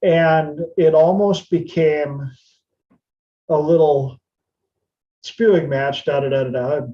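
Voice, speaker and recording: A man's voice: on the high side, fairly even intonation, slow, muffled recording. A man hosting a podcast, telling a story in a casual, chatty way and putting on playful voices for the people in it. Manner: retells anecdotes, slipping into playful voices for the people in them. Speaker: podcast host.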